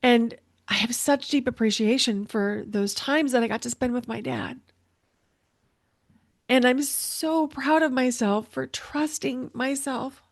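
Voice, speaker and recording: Speaking slowly in a higher-pitched voice, a middle-aged woman who hosts a podcast and coaches intuitively gives an emotional, earnest monologue, repeating herself for emphasis. The audio is studio quality with no echo.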